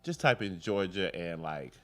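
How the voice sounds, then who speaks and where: A man with a low, lively voice that's a bit bright hosts a live political commentary show at a moderate pace. He talks casually, rambling off onto tangents and cursing freely.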